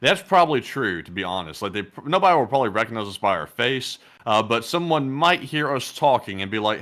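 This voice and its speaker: Easygoing male co-host with a lively voice. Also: medium pitch, fast talker, few pauses. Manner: easygoing, reads donations. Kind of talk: casual livestream chat.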